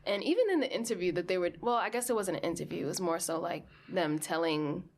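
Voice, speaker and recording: A woman's voice: on the low side, quick pace, darkish tone, slight background noise. A young woman co-hosting a podcast, retelling a film in casual chat, swearing freely and laughing often. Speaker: podcast co-host.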